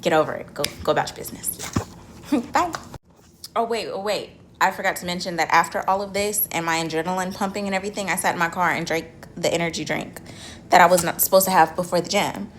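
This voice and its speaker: A young woman vlogging from her car, telling a dramatic story in a casual, animated way and swearing freely. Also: lowish voice, fast talker, a little hiss or hum.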